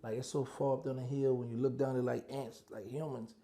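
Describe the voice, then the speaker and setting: A man's voice: mid-range voice, brisk. A man, telling prison stories as an interview guest and acting out the dialogue. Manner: animated storyteller acting out quoted dialogue. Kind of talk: storytelling interview chat.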